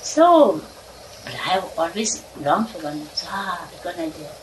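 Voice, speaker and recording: A woman's voice: on the low side, sing-song, moderate pace. A woman telling a personal story from her childhood in a casual, meandering way, often laughing between lines. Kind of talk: casual spoken reminiscence. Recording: distant mic with clear background noise.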